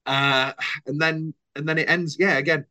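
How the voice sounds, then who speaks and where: A man's voice: on the high side, fairly even intonation, normal speed, pushed and bright. A man co-hosting a podcast in casual, joking chat, laughing often. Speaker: podcast co-host.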